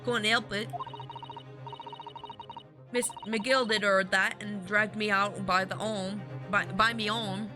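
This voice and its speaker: A woman voicing a blunt young street girl in an attempted Cockney accent, reading game dialogue in slangy, rough speech. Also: mid-range voice, fairly even intonation, slow pace, pauses often, over music, close to an everyday voice. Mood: cheeky.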